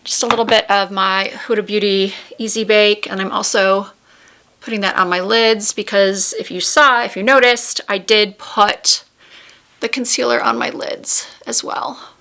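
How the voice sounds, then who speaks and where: A woman with a bright, clear voice talks through her makeup routine in a relaxed home vlog. Her pitch sits mid-range, and she moves easily from one step to the next. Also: a little slow. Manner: chatty, giggly at times, narrates each step. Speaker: beauty vlogger. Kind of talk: casual makeup tutorial chat. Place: home room with a window.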